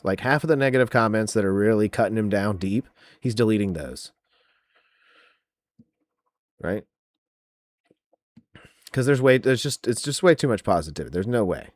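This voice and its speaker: A man with a fairly low voice hosts a podcast in loose, casual chat. He mocks and trash-talks freely, swearing as he reads viewer comments aloud. The sound is dry and close. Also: dry recording. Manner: mocking, profane, trash-talking. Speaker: podcast host.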